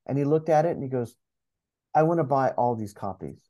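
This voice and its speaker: Animated man telling a story. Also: medium pitch, fairly quick. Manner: animated, acts out inner dialogue; many restarts and fillers. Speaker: guest speaker and coach. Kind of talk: storytelling interview answer.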